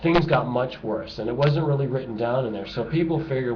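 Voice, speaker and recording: A man's voice: mid-range voice, fairly quick, few pauses, a crowd in the background. A man delivering a sarcastic, emphatic ranting monologue to camera, repeating his points for effect. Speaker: video blogger. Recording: dull lo-fi home recording with noise.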